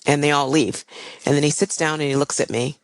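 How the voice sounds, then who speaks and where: A woman's voice: low voice, steady tone, fairly quick, dry recording, low-quality recording. An older woman, a guest and airline pilot, tells a personal story in a candid, reflective way with frequent fillers.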